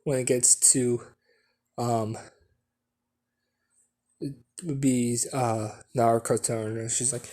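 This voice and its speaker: Male storyteller, casual fan-story telling, slow and rambling. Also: mid-range voice, fairly even intonation, warm tone. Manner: rambling, full of fillers and restarts.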